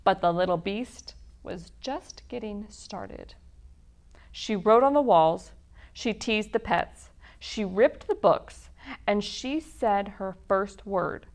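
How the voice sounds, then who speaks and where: A woman reading a children's picture book aloud at a library storytime, in an expressive storytelling manner. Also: mid-range voice, slow.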